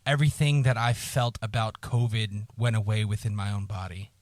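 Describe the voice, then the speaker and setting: Male podcast co-host, low voice, dry close mic, halting emotional storytelling with frequent swearing. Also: little pitch movement, no room sound. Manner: halting, repeats words, swears often. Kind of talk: personal storytelling.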